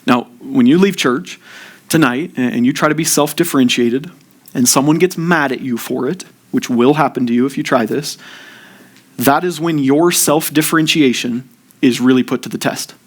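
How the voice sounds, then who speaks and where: A man's voice: mid-range voice, normal speed. A man preaching a sermon at a church service in an earnest way, his voice rising with emphasis when he acts out people's complaints. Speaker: pastor.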